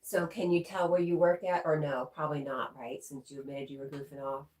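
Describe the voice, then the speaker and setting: Middle-aged woman, livestream host, deep voice, chatty, answers comments. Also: little pitch movement, fairly quick. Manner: chatty, warm, giggly asides. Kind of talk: casual livestream chat reading comments.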